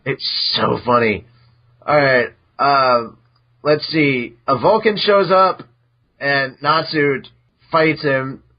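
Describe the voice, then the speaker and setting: A man hosting a podcast, casually recapping episodes in an animated way, now and then jumping into high squeaky voices for characters. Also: slow. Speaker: podcast host. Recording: dull lo-fi podcast audio.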